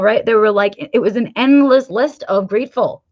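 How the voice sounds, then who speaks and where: A woman's voice: on the high side, normal speed, a little mellow, dry recording, lo-fi sound. A woman from New York hosting a casual livestream, telling a story candidly with frequent "right?" checks and some swearing. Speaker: livestream host.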